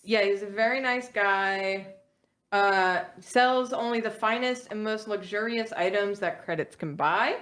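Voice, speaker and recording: A woman's voice: medium pitch, measured pace, fairly bright tone. A woman co-hosting a charity game stream, chatting in an upbeat way and describing a character. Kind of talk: casual chat.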